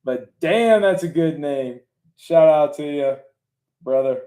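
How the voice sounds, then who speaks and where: Man, casual chat, teasing, mellow tone. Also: on the high side, lively intonation, slow. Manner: joking, teasing.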